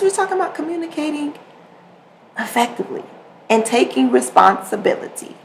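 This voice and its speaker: A woman's voice: medium pitch, gravelly, slight background noise, rough recording. A woman hosting a podcast, talking casually about communication and acting out short examples as she goes. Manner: conversational, animated, acts out examples. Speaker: podcast host. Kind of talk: solo podcast talk on communication.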